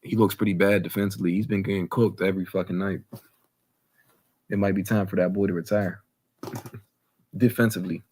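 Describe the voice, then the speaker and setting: Male podcast co-host, low-ish voice, animated casual sports banter. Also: fairly quick, pauses often, a little hiss or hum. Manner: animated, repeats himself, slangy.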